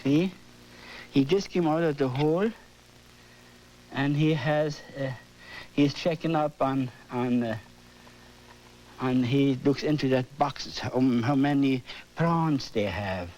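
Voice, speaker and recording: An older man with a German accent, teaching oil painting on his TV show, animated and often asking "you see?". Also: medium pitch, slow pace, pauses often, dull audio. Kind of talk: painting demonstration. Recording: worn 1980s videotape audio with hum.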